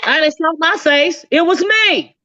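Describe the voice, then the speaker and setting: A woman's voice: very high voice, lively intonation, measured pace, sharp tone, no echo. A woman talking bluntly and with a lot of profanity in a heated livestream conversation. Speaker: livestream guest. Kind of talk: heated casual livestream talk. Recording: dull lo-fi stream audio.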